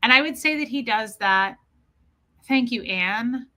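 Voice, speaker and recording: Bright-voiced woman live-streaming. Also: a little high, unhurried. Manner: personal, earnest storytelling, greets viewers by name. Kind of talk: casual live-stream chat.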